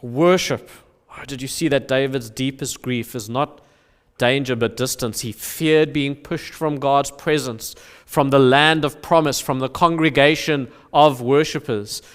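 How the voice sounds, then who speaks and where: A man's voice: medium pitch, fairly even intonation, a little slow, clean tone. A man preaching a sermon as pastor, earnest, with emphatic rises and drops. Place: church sanctuary. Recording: long reverb of a church hall.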